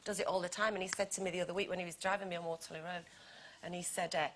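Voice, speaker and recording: A woman's voice: on the low side, rapid-fire, slight background noise. A woman presenter on a daytime chat show panel, telling funny stories and mimicking the people in them. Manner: animated anecdote telling, mimicking others. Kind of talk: casual chat show storytelling. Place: TV studio with audience.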